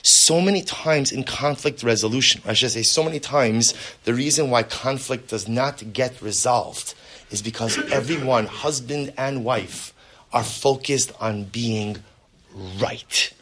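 A man's voice: medium pitch, measured pace, fairly bright tone, a little hiss or hum. A man, likely a rabbi, giving a spoken lecture on marriage, earnest and fond of rhetorical questions and repeated words.

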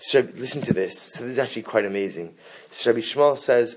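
A man's voice: medium pitch, lively intonation, fast, a little hiss or hum. A middle-aged man teaching a Torah class, leading listeners through a text, asking rhetorical questions and repeating key phrases for emphasis. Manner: emphatic, rises sharply when reading Hebrew and Aramaic aloud.

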